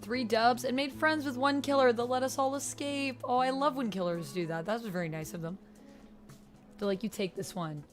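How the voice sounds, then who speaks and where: A woman's voice: on the high side, moderate pace, soft background music. A woman streaming a video game, chatting casually, reading viewers' messages aloud and answering them. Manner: chatty, reads chat messages aloud, soft-spoken. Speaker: variety streamer. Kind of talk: casual livestream commentary.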